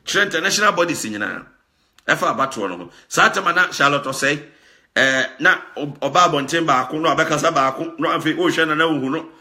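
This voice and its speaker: A man's voice: fairly high pitch, animated, a little fast, bright, forceful tone. A Ghanaian man hosting a talk show, commenting emphatically, often repeating words and laughing. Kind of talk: animated commentary mixing Twi and English.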